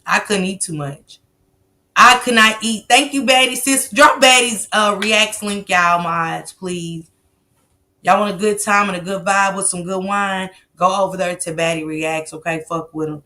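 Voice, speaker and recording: A woman hosts a casual live stream. Her voice is bright and forward, and she tells stories loudly and animatedly, full of slang and swearing. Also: mid-range voice, fairly even intonation, a little slow.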